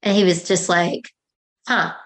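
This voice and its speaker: A woman's voice: lowish voice, fairly even intonation, a little slow. A woman in her thirties hosting a podcast, chatting casually and acting out exchanges with her kids. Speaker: podcast host. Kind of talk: casual chat.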